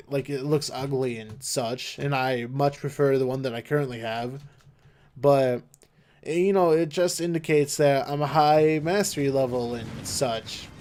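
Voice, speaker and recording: A young man streaming a game live, chatting casually in a flat monotone with lots of fillers and restarts. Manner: flat monotone, low-energy delivery; rambling with many fillers and restarts. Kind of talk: casual live-stream chat while gaming.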